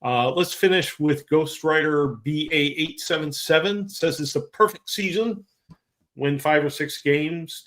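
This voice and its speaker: Easygoing older man hosting a sports show. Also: mid-range voice. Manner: relaxed, easygoing, reads listener comments. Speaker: sports podcast host. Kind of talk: casual sports chat.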